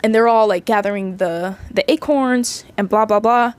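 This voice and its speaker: A woman's voice: mid-range voice, normal speed, clear, resonant tone, no echo. A woman in her twenties recapping a movie in a rambling, chatty way, full of fillers. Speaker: vlogger.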